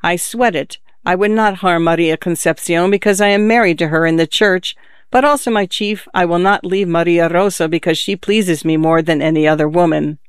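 Storybook role: man reading a cocky, grandiloquent young man, high, smooth voice. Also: normal speed, no room sound, clean studio sound. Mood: boastful. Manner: grand, flowery speech. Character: swaggering boastful young man, florid talker.

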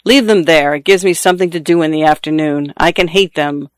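A man reading the lines of a bored, bitter husband who drinks through the afternoons, in a flat, sullen, blunt way. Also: on the high side, brisk, smooth, dry recording, natural voice.

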